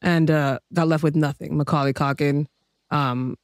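A man's voice: fairly high pitch, fairly even intonation, moderate pace, smooth, no room sound, clean studio sound. A man on a casual comedy podcast, telling rambling stories and laughing often. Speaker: podcast co-host.

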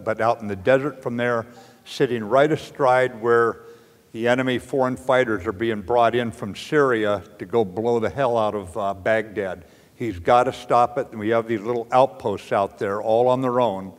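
Older American general, blunt and dryly humorous, mid-pitched, speaking in a big echoing hall. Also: male voice. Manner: plainspoken, blunt anecdotes with dry humor. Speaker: retired general giving a lecture. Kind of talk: storytelling lecture. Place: lecture hall. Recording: lecture hall with long reverb.

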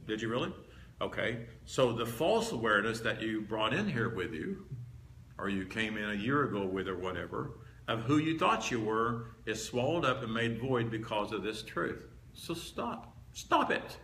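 A man with a lowish, animated, slightly bright voice preaches a teaching sermon at a moderate pace to a live audience in a meeting hall. He is conversational yet emphatic, hammering repeated key words. The hall sounds roomy and echoey, with faint background hiss.

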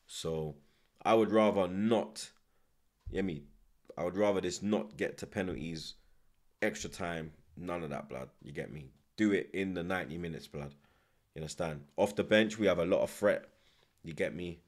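A man's voice: low voice, moderate pace. A young man, chatting animatedly as he live-streams a football watchalong, full of slang and repeated tag words. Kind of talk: live stream match commentary and chat.

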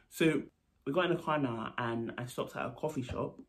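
A man, a nurse, telling a story in a casual, animated vlog. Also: mid-range voice, fast talker. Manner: animated, lively retelling with asides. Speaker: storytelling vlogger.

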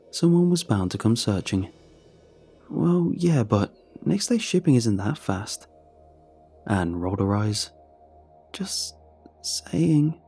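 Husky, mellow man narrating horror. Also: on the low side. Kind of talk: scripted first-person horror narration.

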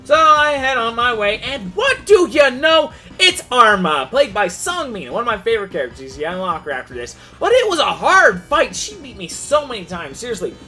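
A man's voice: very high voice, sing-song, moderate pace, hardly any pauses, pushed and bright, soft background music. A man hosting a gaming channel, giving an unscripted, goofy recap of a game's story mode with frequent restarts.

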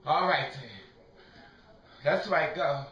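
A man's voice: on the high side, takes it slowly, background noise. A man playing a furious, jealous woman. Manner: profane, repetitive, sassy scolding. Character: furious jealous woman scolding a cheating partner. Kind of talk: comedic rant sketch. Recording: dull roomy recording from a distance.

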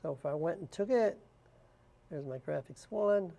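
A man walking through software steps one at a time in a plain, unscripted way, with frequent "uh" fillers. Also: a little high, lively intonation, normal speed, creaky. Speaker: software tutorial instructor. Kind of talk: screen-recorded software walkthrough.

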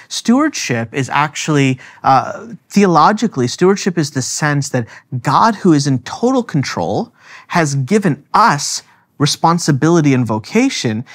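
A man co-hosting a faith podcast, explaining theological ideas carefully and laughing easily. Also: a little high. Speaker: theologian co-host. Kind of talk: teaching conversation.

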